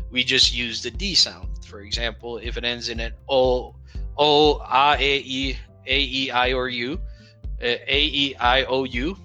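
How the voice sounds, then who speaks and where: Slow, bright-voiced male English teacher. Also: medium pitch. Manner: slow, patient, repeats example words. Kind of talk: explaining pronunciation.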